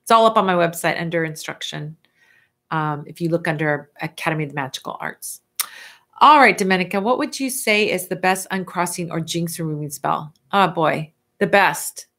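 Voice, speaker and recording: A middle-aged woman hosting a casual live Q&A, chatty and animated as she answers viewer questions. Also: fairly low pitch, moderate pace. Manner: chatty and animated, stretching words for emphasis.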